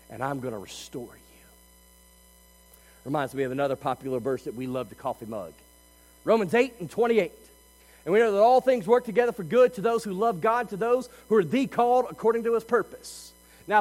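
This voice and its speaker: A high-pitched male pastor delivers a sermon, rising to loud, emphatic passages and then dropping to hushed, intimate asides. A faint mains hum sits under the recording. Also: big-room sound, low-quality recording.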